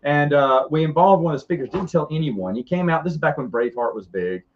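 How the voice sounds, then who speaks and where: A middle-aged man with a fairly high voice tells rambling stories with lively energy, often restarting his sentences. The sound is dull and lo-fi, like a modest podcast setup. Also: fast talker, slight background noise. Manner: rambling, animated, frequent restarts. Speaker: podcast co-host. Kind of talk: casual storytelling chat.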